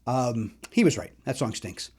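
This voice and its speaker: A man's voice: mid-range voice, animated, a little slow, a little mellow, husky. A middle-aged man from Chicago, a comedian hosting a podcast, telling joking stories about old records in a chatty, self-deprecating way. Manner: chatty, self-deprecating, sings snatches of songs. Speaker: podcast host.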